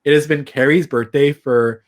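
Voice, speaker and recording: A man's voice: fairly high pitch, fairly even intonation, normal speed, very noisy. A man co-hosting a podcast, chatting enthusiastically and giving strong opinions on reality TV. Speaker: podcast co-host. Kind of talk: casual chat.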